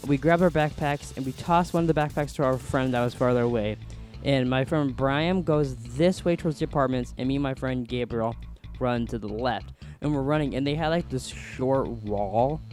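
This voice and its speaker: Young man, podcast host, rambling story, faint music behind. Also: medium pitch. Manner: rambling, animated retelling. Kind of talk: casual storytelling.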